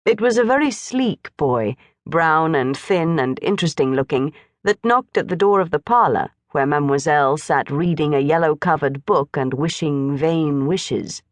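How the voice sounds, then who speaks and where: A woman narrating a classic children's storybook in an expressive, lively reading. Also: sits low, normal speed, hardly any pauses, no room sound, clean studio sound. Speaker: audiobook narrator.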